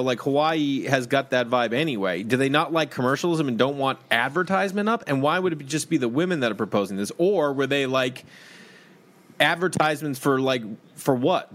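A man co-hosting a comedy podcast, asking questions and thinking out loud. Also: on the high side. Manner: asks questions, musing aloud. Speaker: podcast co-host. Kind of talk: casual comedy podcast banter.

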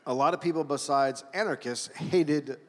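Deadpan man reading history, live hall. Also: fairly high pitch, normal speed. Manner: deadpan, reads from notes. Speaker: podcast co-host, storyteller. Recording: live venue with hall reverb.

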